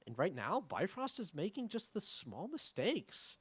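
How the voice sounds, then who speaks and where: A man's voice: high voice, wildly swooping pitch, measured pace, a bit bright, breathy edge, dry recording. A man co-casting an esports match, breaking down the teams' play and stammering when he restarts a thought. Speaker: esports co-caster. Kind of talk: esports analysis commentary.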